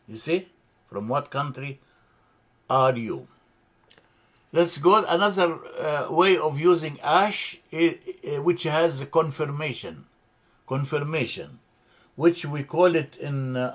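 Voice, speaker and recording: Slow, halting male teacher. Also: fairly high pitch. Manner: halting, many fillers and restarts, spells out words. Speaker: language teacher. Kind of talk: slow grammar lesson.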